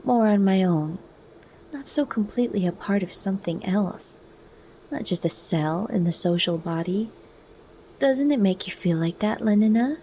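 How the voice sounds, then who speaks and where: A woman voicing a brooding, bitter young man in a soft, meditative manner, as whispered role-play. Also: medium pitch, lively intonation, moderate pace, slight background noise, lightly acted.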